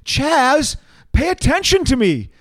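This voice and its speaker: A man voicing a swooning female fan who keeps calling out and pleading in a high falsetto. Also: sing-song, slow pace, a bit bright, no echo, studio quality, full character voice.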